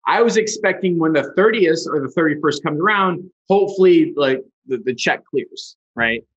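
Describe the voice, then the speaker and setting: Animated husky-voiced man telling a story. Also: a little high, normal speed. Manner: casual and swears freely; acts out the other people in his stories. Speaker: guest, ad agency founder. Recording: dull lo-fi sound.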